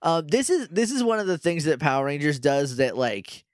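A man's voice: a little high, sing-song, dry recording. Man, podcast co-host, casual recap chat, rambling, dry close mic. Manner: rambling, quoting characters in quick put-on lines.

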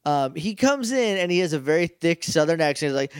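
A man's voice: fairly high pitch, sing-song, a little fast, smooth, dry recording, clean studio sound. A man co-hosting a podcast, casually recapping a TV episode, rambling with many restarts. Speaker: podcast co-host.

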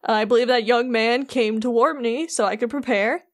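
A woman's voice: a little high, fairly even intonation, moderate pace. A woman co-hosting a podcast, casually and playfully retelling a game's story and swearing now and then. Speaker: podcast co-host. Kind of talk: casual chat recapping a game.

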